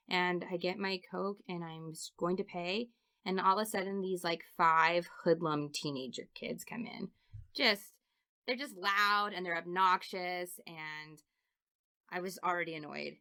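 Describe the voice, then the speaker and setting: Woman in her 30s telling funny stories on a podcast, lots of laughing, kinda raspy-fry voice, sharp and bright. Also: fairly low pitch. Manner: animated storyteller, laughs often. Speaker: podcast guest. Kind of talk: casual storytelling interview.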